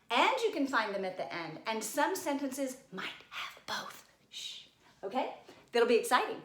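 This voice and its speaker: A woman's voice: on the high side, a bit bright, echoey room. A woman teacher giving a recorded grammar lesson, coaxing and addressing her class directly.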